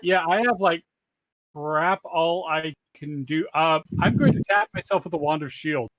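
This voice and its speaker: A man's voice: fairly high pitch, unhurried, fairly bright tone, dry recording, poor audio. A man playing a tabletop game, thinking aloud about his options with wry asides. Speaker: player.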